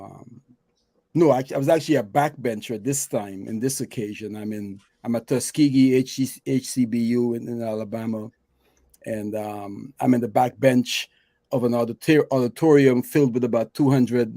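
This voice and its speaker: A man with a Guyanese accent chatting about his experience, reflective and lively when he tells stories. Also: medium pitch, moderate pace, dry recording. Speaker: guest. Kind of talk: casual chat, storytelling.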